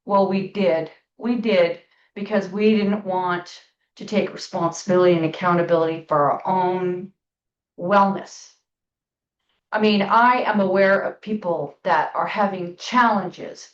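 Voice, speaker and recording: Middle-aged woman, spiritual talk host, casual storytelling, emphatic, slow stretched stresses, roomy echo, off-mic. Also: medium pitch, far from the mic. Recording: echoey room, off-mic, dull sound.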